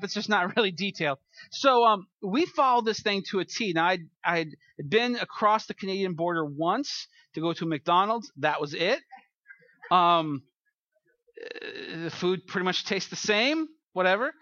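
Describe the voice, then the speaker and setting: High, bright-voiced joking preacher man. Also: lively intonation, moderate pace, no room sound, lo-fi sound. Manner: chatty, joking storyteller. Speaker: pastor. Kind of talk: sermon with humorous stories.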